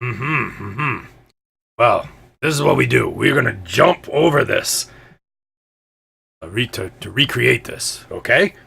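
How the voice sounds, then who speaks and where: A man's voice: medium pitch, animated, slow, gravelly, long pauses, bright, forceful tone, slightly rough, heavily acted. A man voicing a cocky young male daredevil performer in a tabletop game, boastful and eager. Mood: cocky, playful.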